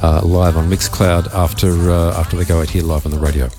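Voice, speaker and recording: Croaky low-voiced Australian radio man. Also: flat delivery, a little fast, mellow, soft background music. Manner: rambling, loose and joking, with many fillers. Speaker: radio host and DJ. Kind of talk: casual live radio talk. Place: radio studio.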